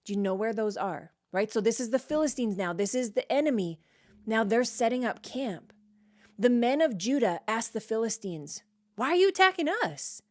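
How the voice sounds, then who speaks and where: A woman hosting a casual Bible study, reading verses aloud and then reacting and explaining them in everyday talk, often checking in with a quick "right?". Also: on the high side, animated, warm tone. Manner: frequent "like" and "right?" checks with the listener.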